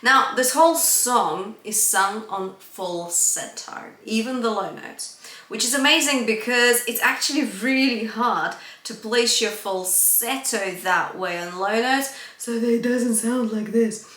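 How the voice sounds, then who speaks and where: A young woman vocal coach talks through a singing lesson at an unhurried pace, her voice bright and a little high. She breaks into airy sung examples now and then. The room around her rings with echo. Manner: bright, upbeat teaching, breaks into breathy sung demonstrations. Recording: echoey room.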